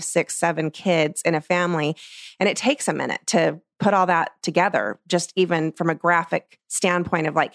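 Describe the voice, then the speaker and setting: A middle-aged woman, a portrait photographer, explaining her craft in a casual, animated way and acting out what she says to clients. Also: fairly low pitch, no echo, clean studio sound. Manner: lively, acts out what she tells clients. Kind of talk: casual teaching talk.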